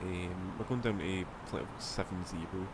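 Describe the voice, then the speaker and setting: A man's voice: low-pitched, fairly even intonation, unhurried, background noise. A man with a Scottish accent, rambling casually as he streams a flight sim, swearing now and then. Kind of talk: casual gameplay commentary.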